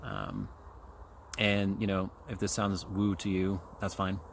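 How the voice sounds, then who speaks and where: Man in his forties, very deep voice, chewing gum, casual solo podcast talk, outdoors on a trail. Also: very animated, takes it slowly, gravelly. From Kansas City, USA. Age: 40s. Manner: rambling, profane, with many fillers and asides. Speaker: podcast host. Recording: faint outdoor background noise.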